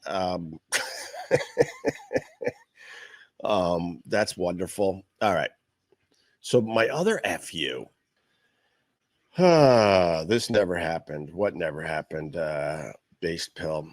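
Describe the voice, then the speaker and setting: A middle-aged Long Island man with a low voice hosts a livestream as a podcast host, chatting casually at a slow pace. He rambles, speaks bluntly, and swears freely, and the recording has no echo.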